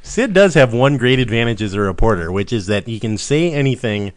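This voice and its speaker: A man's voice: mid-range voice, lively intonation, a little fast, no echo. A man with a Minnesotan accent hosting a casual podcast, steering topics with dry teasing humor. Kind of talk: casual chat.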